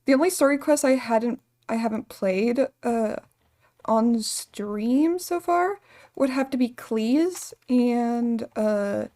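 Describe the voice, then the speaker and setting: A woman's voice: fairly high pitch, takes it slowly, warm tone. A woman streamer chatting casually and rambling while she plays a game, laughing often. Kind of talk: casual gaming livestream chat.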